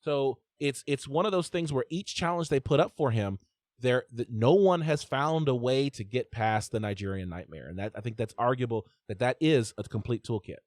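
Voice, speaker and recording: A man's voice: mid-range voice, normal speed, no echo, studio quality. Chatty man hosting a live call-in show. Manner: energetic, chatty, with frequent fillers and restarts. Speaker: host.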